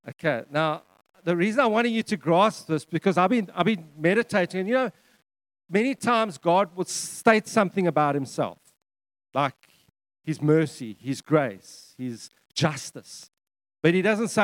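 Middle-aged male pastor, slightly high voice, dry close sound, preaching with emphatic repetition and frequent restarts. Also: expressive, moderate pace, dry recording. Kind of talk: sermon.

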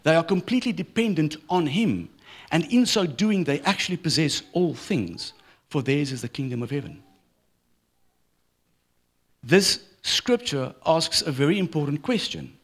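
A man's voice: on the high side, normal speed, husky. A middle-aged man preaching a sermon in church, telling stories with humor. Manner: storytelling with humor, lively delivery. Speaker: pastor.

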